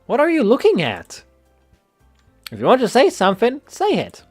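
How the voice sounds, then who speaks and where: A man's voice: very high-pitched, huge pitch swings, normal speed, husky, faint music behind, voice pushed up, heavily acted. A man voicing a sour, snappy teenage girl from a game, in a pushy, snippy manner.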